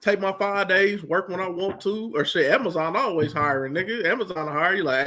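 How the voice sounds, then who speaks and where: Man, podcast co-host, laid-back, profane riffing, slightly high voice, faint background hiss. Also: fairly quick, bright, forceful tone. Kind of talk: casual chat.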